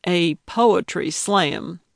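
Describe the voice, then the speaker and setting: A woman's voice: fairly low pitch, drawn-out words, gravelly, no room sound, clean studio sound, full character voice. A woman reading an audiobook, voicing a feisty, indignant elderly woman who fancies herself a detective. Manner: indignant, emphatic.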